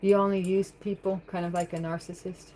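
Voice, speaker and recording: A woman's voice: on the low side, level tone, a little fast, warm tone, a little hiss or hum, poor audio. A woman chatting on a livestream from her home, reading viewer comments aloud and answering them in a rambling way. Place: home, at the kitchen sink.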